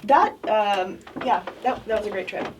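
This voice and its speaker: A woman in her forties, co-hosting a casual chat and telling a lively personal story. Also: mid-range voice, normal speed, recorded from a distance, a little hiss or hum, rough recording. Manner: chatty storyteller, animated with laughter. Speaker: co-host. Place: office studio, indoors.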